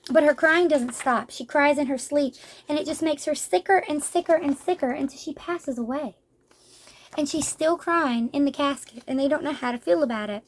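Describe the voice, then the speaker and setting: A woman with a bright, high voice reviews a manga at a moderate pace. She loosely retells the plot in a rambling, conversational style full of casual fillers and asides.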